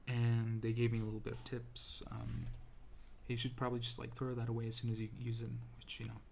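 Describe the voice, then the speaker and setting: A man's voice: medium pitch, completely flat delivery, a little fast, creaky, darkish tone, a little hiss or hum. A young man telling a personal story to camera in a rambling, self-deprecating way, full of restarts and ums, seated indoors. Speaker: vlogger. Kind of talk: casual storytelling monologue.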